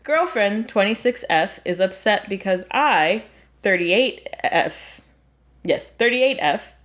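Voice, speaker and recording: A woman's voice: mid-range voice, expressive, slow, a bit bright. A woman hosting an advice podcast who reads a story aloud in a casual, chatty way and often breaks into laughter. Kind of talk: casual chat.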